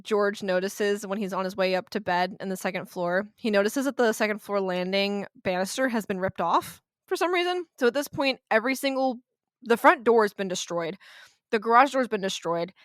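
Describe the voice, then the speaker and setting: A woman's voice: medium pitch, a little fast, dry recording, studio quality. A woman co-hosting a podcast, retelling a haunting in a blunt, sarcastic way, swearing and laughing as she goes. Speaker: podcast co-host. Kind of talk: casual storytelling chat.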